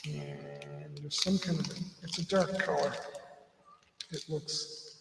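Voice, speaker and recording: A man's voice: a little high, steady tone, slow, vocal fry, background noise. A middle-aged man hosting a casual livestream, rambling and talking with his mouth full. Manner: rambling, talking while chewing. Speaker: livestream host. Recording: echoey room, distant mic.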